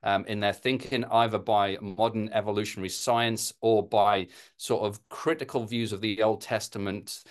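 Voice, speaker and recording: A British man, an author and guest, explaining in a measured way with some fillers. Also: on the low side, steady tone. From United Kingdom. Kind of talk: interview answers.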